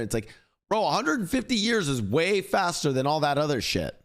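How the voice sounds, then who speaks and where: A young man streaming live, reacting to a video and ranting at his chat with heavy swearing, rising to near-shouting. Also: fairly high pitch, big pitch swings, a little fast, vocal fry.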